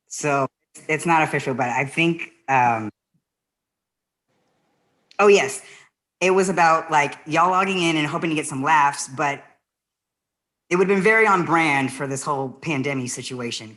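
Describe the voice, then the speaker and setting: A woman born in the Philippines performing a virtual stand-up set over a video call, rambling and giggling mid-sentence and dropping into soft, quiet asides. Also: extremely low pitch. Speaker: stand-up comedian.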